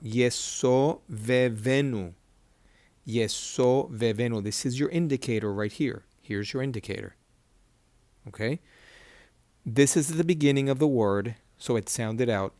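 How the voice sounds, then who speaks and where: A man's voice: on the low side, darkish tone, no room sound. A man teaching a Hebrew reading lesson at a board, patiently repeating key terms and asking checking questions. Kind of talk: whiteboard lesson.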